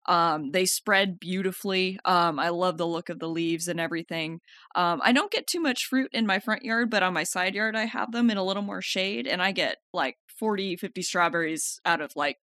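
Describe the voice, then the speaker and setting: A woman's voice: fairly low pitch, normal speed, sharp tone, no echo, studio quality. A woman co-hosting a casual chat, upbeat and full of fillers. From California. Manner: chatty, filler-heavy, upbeat, laughs often. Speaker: podcast co-host.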